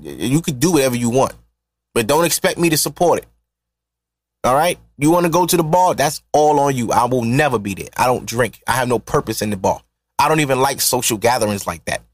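A man hosting a podcast, ranting in a profane, mocking, animated way. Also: medium pitch, fairly quick, dry recording. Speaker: podcast host. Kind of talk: solo podcast rant.

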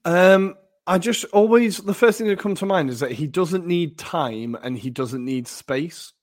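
A man's voice: high voice, unhurried, dry recording. Guy on a football podcast, rambling with lots of "like" and "kind of", dry close mic. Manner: chatty, hedging with fillers and frequent laughs. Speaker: podcast co-host. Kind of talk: casual football chat.

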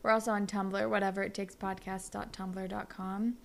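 This young podcast co-host has a creaky, medium-pitched voice with little pitch movement, speaking at a moderate pace. In casual conversation she rambles through stories, using "like" over and over.

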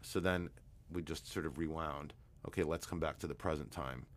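A man, a hypnotherapist guest, telling a long anecdote in a relaxed, rambling way with many fillers. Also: very deep voice, normal speed, slight background noise. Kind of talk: storytelling interview talk.

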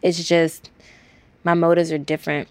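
A woman in her twenties from Washington, D.C., a college student speaking candidly and quickly in an interview, acting out the exchanges she retells. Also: sits low, flat delivery, a little mellow, clear, resonant tone, no room sound. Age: 20s. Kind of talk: recorded interview.

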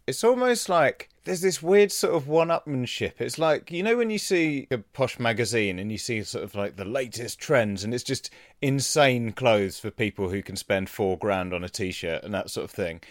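A man's voice: mid-range voice, expressive, moderate pace, few pauses, no room sound, studio quality. A man co-hosting a casual chat, laughing a lot and musing in a rambling way. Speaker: podcast co-host.

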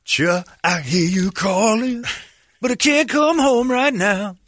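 A man putting on a chain-smoking golfer who presses the same point again and again, pitched high and loud above his own voice. The delivery is emphatic and repetitive, and the sound is dry and close. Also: slow, no echo, full character voice. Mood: insistent. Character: chain-smoking male golfer, insistent about his name.

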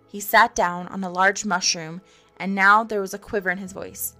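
A woman narrating a storybook in an expressive, measured reading. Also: medium pitch, soft background music.

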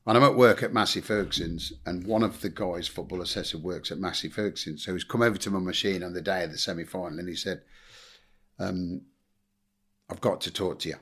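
A middle-aged Englishman who used to manage football teams tells blunt stories in a relaxed interview, swearing and acting out quotes. His voice is low and husky with a fairly bright tone, and he talks briskly.

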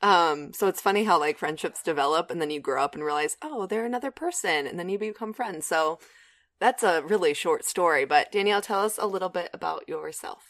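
A woman's voice: on the low side, fairly quick, a bit bright, dry recording. A young woman co-hosting a podcast in casual chat, chatty with frequent fillers and laughs. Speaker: podcast co-host.

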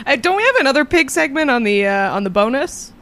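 A woman's voice: high-pitched, very animated, quick pace, fairly bright tone. Woman cohost on a comedy podcast, sarcastic, does silly voices. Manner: sarcastic, acts out quoted voices. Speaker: podcast co-host. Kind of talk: casual comedic chat.

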